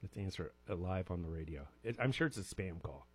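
A man's voice: sits low, expressive, fairly quick, a little mellow, husky. A man in his forties hosting a live radio show, rambling casually through a list of daily observances with self-mocking jokes. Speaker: radio host. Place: radio studio.

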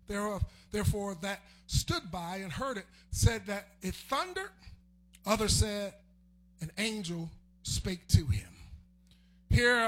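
A man delivering a sermon, chanting his lines and swelling into shouts. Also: high-pitched. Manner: chanting, sing-song preaching that swells into shouts. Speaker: preacher.

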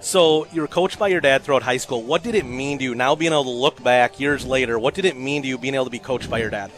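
A man's voice: medium pitch, quick pace, fairly bright tone. Upbeat radio sports host, man. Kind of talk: radio pregame interview.

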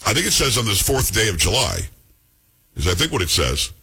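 A man hosting a radio talk show, joking and animated, jumping between loud and quiet. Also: on the low side, brisk, husky.

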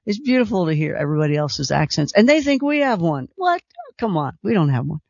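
A man with a slight Kentucky accent hosts a call-in radio show, chatting eagerly with callers. His voice is gravelly and sits a little high. The sound is dry and a bit dull. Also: sing-song, fairly quick, dry recording. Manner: chatty and enthusiastic, repeats himself. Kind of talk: casual call-in radio chat.

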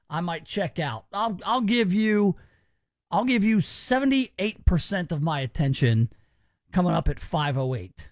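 A man's voice: on the high side, no room sound. A male radio talk show host giving emphatic, opinionated commentary in a chatty way.

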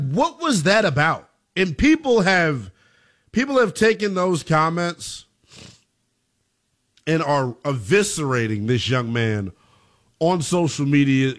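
Animated male sports radio host. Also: on the high side. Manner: animated, emphatic, opinionated.

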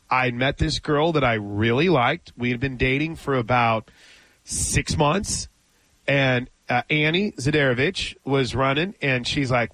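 A man's voice: mid-range voice, a bit bright, dry recording, rough recording. A man hosting a sports talk radio show in a studio, chatty and telling stories. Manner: chatty, storytelling. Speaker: radio host.

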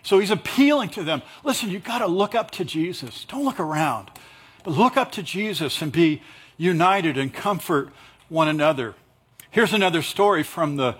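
A male pastor delivering a sermon in a relaxed, conversational manner, breaking up scripture explanation with jokes and little acted-out asides. His voice sits a touch high for a man and has a husky, slightly rough edge.

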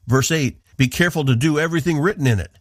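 A man's voice: fairly high pitch, fast, dry recording. Earnest man teaching scripture, dry studio sound. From northeastern United States. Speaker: radio Bible teacher and host.

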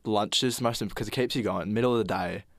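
Fast-talking deep-voiced young man. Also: a bit bright. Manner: agreeable, says "absolutely" often. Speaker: guest answering questions. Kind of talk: casual chat.

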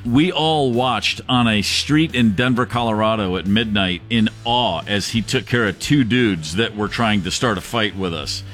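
A man casually telling a story from touring with his band, animated and acting out the voices of the people in it. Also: lowish voice, moderate pace, few pauses, soft background music. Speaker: rock drummer telling a tour story.

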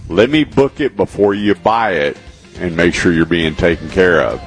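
A man's voice: sits low, animated, moderate pace, over music. A man hosting a call-in radio car show, telling stories in a rambling, folksy way. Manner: rambling, folksy, repeats words. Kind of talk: casual radio talk, storytelling.

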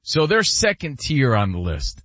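A man's voice: medium pitch, huge pitch swings, measured pace, fairly bright tone, no echo, dull audio. A man hosting a sports talk show, leading the segment in a teasing, conversational way.

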